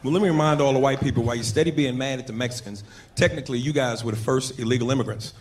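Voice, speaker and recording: A man doing a stand-up comedy set, telling stories in a loud, profane, animated way. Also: mid-range voice, rapid-fire. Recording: live club recording, crowd and noise.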